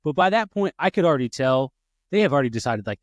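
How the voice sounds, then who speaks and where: A man co-hosting a podcast tells a long story in loose, casual talk at a mid pitch. He slips into other people's voices as he goes and often backs up to restart a sentence. The sound is dry and close, with no room echo. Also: fast. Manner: animated, acts out quoted voices, many restarts. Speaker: podcast co-host.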